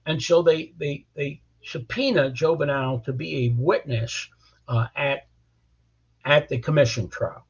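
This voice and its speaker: An older man, a criminal defense lawyer, bluntly tells stories in an interview, often repeating words as he begins a sentence. His voice is fairly high, a little slow, and has a breathy edge, captured in dull lo-fi audio.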